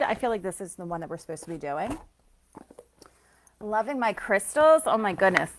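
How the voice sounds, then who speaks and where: A woman's voice: fairly low pitch, a little hiss or hum. A woman giving a live intuitive card reading to viewers, chatty and effusive, often laughing and gushing as she greets them by name. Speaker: spiritual reader and soul coach.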